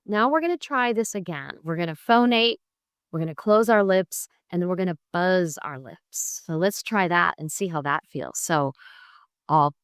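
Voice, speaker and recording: Middle-aged woman, lecturing teacher type, slightly low voice, dry close computer mic. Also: animated, moderate pace, no echo. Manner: clear, patient teaching, checks in with "right?" and "okay?". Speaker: music therapy professor. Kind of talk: online lecture with vocal exercises. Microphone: computer mic on a video call.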